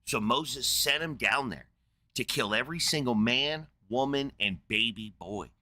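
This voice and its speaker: A man's voice: mid-range voice, unhurried, bright, forceful tone. A man hosting a live debate show, arguing with a caller in a profane, mocking, combative way and retelling a scripture story crudely.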